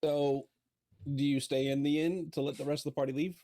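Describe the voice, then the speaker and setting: A man running a tabletop game as dungeon master, asking the players measured questions. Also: fairly high pitch, fairly even intonation, warm tone.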